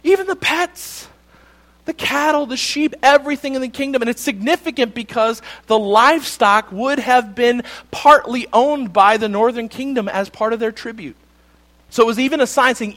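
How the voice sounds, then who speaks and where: A man preaching a sermon as pastor, animated and joking, acting out little quotes as he goes. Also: very high-pitched, moderate pace. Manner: animated, jokey, acts out quotes.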